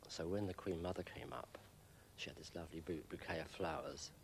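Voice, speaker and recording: A man's voice: sits low, brisk, gravelly, a little hiss or hum. A man telling an amused anecdote.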